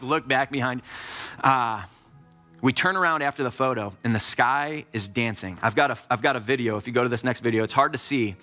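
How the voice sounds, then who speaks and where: A man's voice: on the high side, bright, forceful tone. A man preaching a sermon, telling a personal story in a casual, conversational way with lots of filler words.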